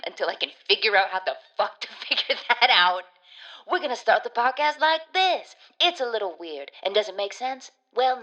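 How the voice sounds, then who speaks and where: A woman's voice: medium pitch, fairly bright tone. A woman hosting her podcast, doing a goofy, theatrical, sing-song intro. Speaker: podcast host. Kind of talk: recorded intro. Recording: dull lo-fi audio.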